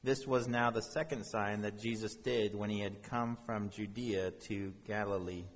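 A male pastor delivers a sermon, reading scripture and talking it through with his listeners in an earnest, conversational way. His voice has a husky, breathy grain. It rings with the long reverb of a large hall. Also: lowish voice, fairly even intonation, normal speed.

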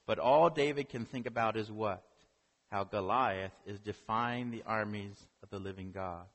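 A male preacher telling a story in a sermon, animated, asking rhetorical questions. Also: lowish voice, moderate pace. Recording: long hall reverb.

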